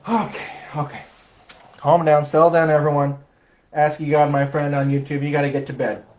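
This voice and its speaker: A man's voice: on the high side, level tone, normal speed, low-quality recording. A man chatting wryly and self-deprecatingly on a livestream between accordion songs. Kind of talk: casual stage patter and sung comic tango. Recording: loud accordion music behind.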